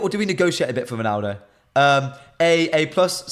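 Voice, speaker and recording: A man's voice: fairly high pitch, brisk. Chatty British man hosting a live stream. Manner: animated, reads chat comments aloud and banters with viewers. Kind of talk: casual live stream chat.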